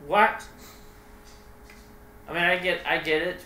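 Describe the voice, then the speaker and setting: A man's voice: mid-range voice, expressive, moderate pace, fairly bright tone, slight background noise. A man hosting a reaction video, casual and joking, defending the game with sarcastic jabs. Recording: echoey room.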